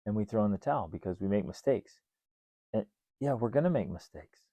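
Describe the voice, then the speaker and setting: A man's voice: fairly low pitch, lively intonation, fairly quick, warm tone, no room sound. A man hosting a podcast, talking casually and acting out his own self-talk in quoted voices. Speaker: podcast host.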